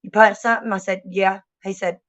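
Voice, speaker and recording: A woman's voice: medium pitch, fairly even intonation, brisk, a bit bright, dry recording. Woman chiming in on a chat, swears easy, kinda muffled lo-fi audio. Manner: chimes in with reactions, blunt swearing. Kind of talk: casual chat.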